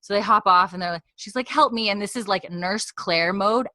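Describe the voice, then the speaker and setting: A woman co-hosting a podcast, recapping a TV episode in casual chat and acting out the characters' lines in quick put-on voices. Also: mid-range voice, fairly even intonation, pushed and bright. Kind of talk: casual chat, animated retelling.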